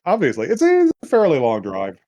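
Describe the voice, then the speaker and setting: A man co-hosting a podcast, recapping an anime in a relaxed, rambling way with casual swearing. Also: on the high side, fast, no echo. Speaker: podcast co-host.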